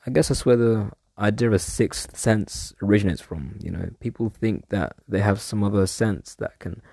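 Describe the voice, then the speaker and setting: Gravelly, rambling man talking casually. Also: fairly low pitch, dark tone, no room sound, clean studio sound. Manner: rambling, digressive, casually swearing. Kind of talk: casual solo monologue.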